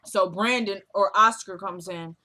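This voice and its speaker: A woman's voice: mid-range voice, unhurried, bright, forceful tone. A woman giving a casual vlog recap of a TV episode. She retells each scene loosely, piling on "he's like" and "she goes".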